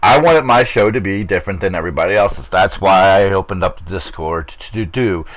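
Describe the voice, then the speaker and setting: Rambling middle-aged racing show host. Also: male voice, deep voice, a little fast, fairly bright tone, rough recording. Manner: rambling, repeats himself, laughs easily. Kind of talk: casual chat.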